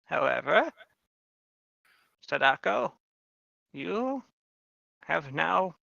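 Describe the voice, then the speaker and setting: A man voicing a weary old witch in a tabletop game, slow and grave. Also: fairly high pitch, vocal fry, pushed and bright, no echo, dull audio, heavily acted.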